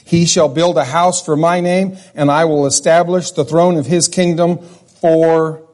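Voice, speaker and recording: A pastor preaches a folksy, conversational sermon, often starting his sentences over. His voice is on the high side and a little mellow, with fairly even intonation and a normal speaking speed.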